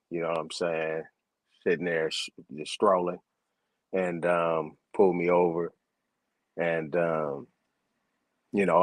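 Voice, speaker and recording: A man's voice: low voice, no echo. A man telling a long story in a casual chat, laid back and acting out both sides of a conversation.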